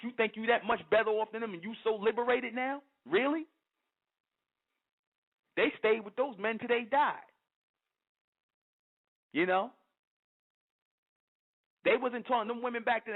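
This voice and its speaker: A man hosting a monologue, lecturing emphatically and firing off rhetorical questions. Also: high voice. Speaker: host. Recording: tinny phone-line sound.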